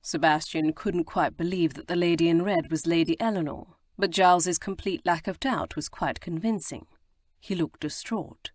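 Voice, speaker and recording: A woman narrating a historical romance audiobook in measured storytelling. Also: sits low, no room sound. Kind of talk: scripted narration.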